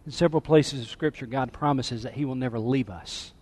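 A man preaching a sermon as pastor, dropping to a hush and then rising to emphatic points. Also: medium pitch, brisk, husky, in a large hall. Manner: dynamic, drops to a hush then rises to emphatic. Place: church sanctuary.

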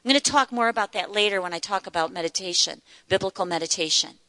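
A woman's voice: medium pitch, fast, sharp tone, no room sound, long reverb tail. A woman giving an earnest sermon-style Bible teaching at a church meeting, repeating words for emphasis.

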